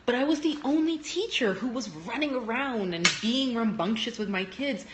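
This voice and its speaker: A young woman who works as a teacher, talking casually on a phone live stream at home, telling lively stories and acting out what people said. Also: normal speed, heavy background noise. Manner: animated storytelling, acting out quotes with big pitch jumps.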